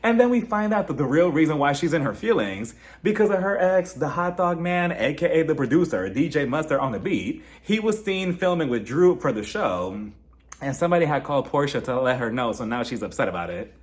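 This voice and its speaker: A young man recapping a reality TV episode in a loose, chatty way. His pitch swings widely as he mocks the cast and slips into their voices, landing his jokes with a sarcastic, incredulous edge. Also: brisk. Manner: animated, mocking, acts out cast members' lines in put-on voices. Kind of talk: casual recap commentary.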